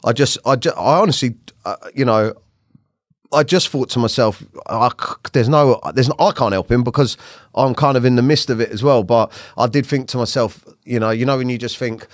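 A man's voice: mid-range voice, brisk, no echo, studio quality. A man hosting a podcast, stammering and restarting as he gets choked up, swearing casually. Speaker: podcast host. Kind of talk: casual chat.

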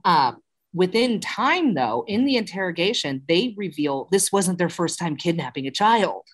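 A woman's voice: fairly low pitch, sing-song, normal speed, breathy edge. A woman hosting a podcast, casually retelling a true crime case with chatty asides and fillers. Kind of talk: casual storytelling chat.

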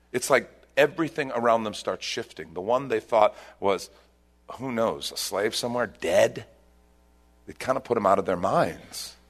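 A male pastor preaching a sermon, retelling a scripture story with emphatic, animated delivery. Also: lowish voice.

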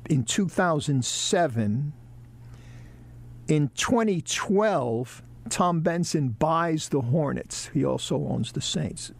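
A man telling lively stories about his broadcasting career in a casual interview, acting out the people he quotes. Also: on the high side. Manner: animated storyteller, acts out quoted bosses. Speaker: broadcaster guest.

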